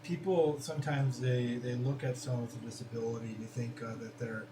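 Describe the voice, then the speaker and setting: A man's voice: medium pitch, steady tone, brisk. A man hosting a casual conversation, talking in an earnest, thoughtful way with frequent restarts. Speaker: host. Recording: roomy, distant mic with noise.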